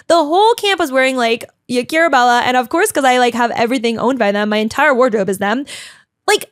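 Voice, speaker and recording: A chatty, dramatic young woman telling a casual vlog story, full of "like" and quick asides. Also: high-pitched, lively intonation, dry recording, studio quality. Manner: chatty and bubbly, heavy use of "like", dramatic; talks a lot, emotional. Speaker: vlogger.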